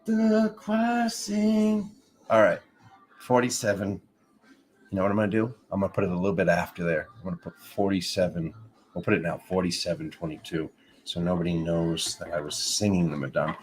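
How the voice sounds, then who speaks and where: A man giving a casual livestream tarot reading, playful and jokey, laughing often and swinging from loud remarks to mutters. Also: deep voice, steady tone, brisk. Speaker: tarot reader.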